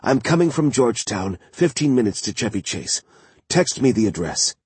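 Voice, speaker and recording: Audiobook: male narrator as a brisk woman journalist, slightly lifted pitch, low-key. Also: sing-song, darkish tone, breathy edge, dry recording. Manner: brisk, sleepy at first then wide awake. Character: sharp female national security reporter.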